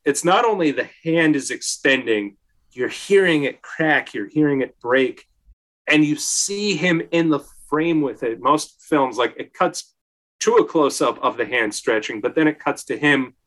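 A podcast co-host with a fairly high, bright voice and lively intonation talks a little slowly during a casual film discussion. He tells stories about movies, leaning heavily on "like" and acting out what people said.

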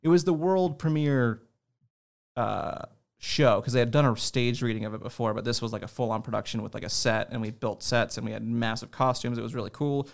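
A man chatting as an interview guest, his voice rough with a steady gravelly edge. He tells loose, self-deprecating stories and laughs often. The talk is casual and unhurried. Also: mid-range voice. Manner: relaxed, self-deprecating storytelling. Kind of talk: casual chat.

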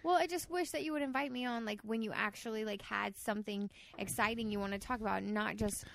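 A woman's voice: a little high, quick pace, gravelly, slight background noise. A woman co-hosting a podcast in casual banter, teasing and asking questions. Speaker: podcast co-host.

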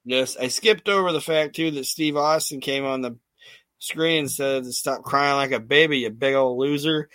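A man hosting a casual podcast, narrating with lively energy and plenty of swearing. His pitch sits at an ordinary middle level. The sound is dry and close, with no room around it. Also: moderate pace, no echo. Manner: animated storytelling with loose swearing and acted-out quotes. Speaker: podcast host recapping wrestling shows.

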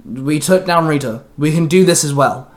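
A man's voice: a little high, normal speed, close to an everyday voice. A man voicing a confident, encouraging young ranger. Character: confident upbeat male ranger.

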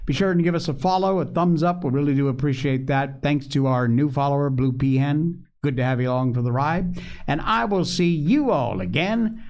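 A man's voice: a little high, normal speed, darkish tone. A male host who reads a children's storybook aloud and closes the show with a friendly, folksy, easygoing sign-off.

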